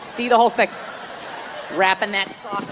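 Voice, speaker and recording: A man doing a stand-up comedy set, profane and animated, slipping into mocking voices. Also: high-pitched, moderate pace, very noisy. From United States. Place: large hall before a live audience. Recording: live stage recording in a reverberant hall with crowd.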